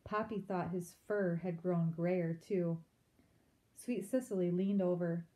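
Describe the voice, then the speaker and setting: A woman reading a children's novel aloud, with expressive storytelling and asides to her listeners. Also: lowish voice, slow pace. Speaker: reader.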